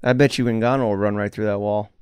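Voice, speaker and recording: A man talking casually as a podcast guest, telling animated stories and swearing freely. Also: on the low side, fast, clear, resonant tone, dry recording. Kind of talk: casual chat.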